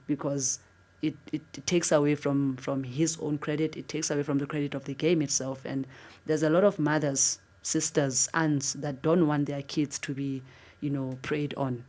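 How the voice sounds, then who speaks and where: Low-pitched South African woman, interviewee, animated earnest storyteller. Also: normal speed. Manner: earnest, animated retelling, voice jumping up for disbelief. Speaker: interviewee, former football captain.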